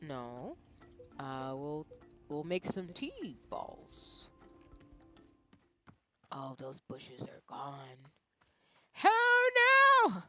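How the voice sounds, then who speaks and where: A woman streamer giving casual gameplay commentary, quietly muttering to herself while playing. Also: a bass voice, sing-song, drawn-out words, pauses often, faint music behind.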